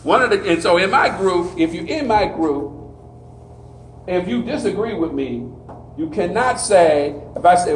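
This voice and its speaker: A man's voice: high-pitched, expressive, normal speed, distant mic, slight background noise. Older man telling stories in a hall. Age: 60s. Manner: folksy, preacher-like storytelling. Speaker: group counselor. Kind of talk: talk to an audience. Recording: echoey hall, voice heard from afar.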